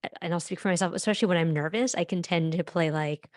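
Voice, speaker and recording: A woman hosting a podcast interview, chatty and self-deprecating, quick to laugh. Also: on the low side, dry recording, clean studio sound. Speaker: podcast host.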